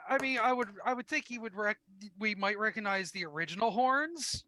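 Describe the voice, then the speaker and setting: A man's voice: high voice, animated, fairly quick, bright, forceful tone. A man talking casually as a player, describing his character's actions in a tabletop game.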